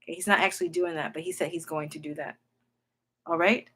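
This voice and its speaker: A fast-talking woman with a low-leaning, steady voice, pushed and bright with a breathy edge, gives an emphatic, informal Bible teaching. She constantly checks in with "okay?" and "all right?"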